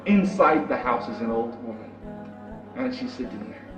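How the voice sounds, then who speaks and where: Man telling an animated sermon story. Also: mid-range voice, normal speed. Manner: animated, acts out the characters. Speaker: preacher. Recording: echoey, distant, muffled, music behind.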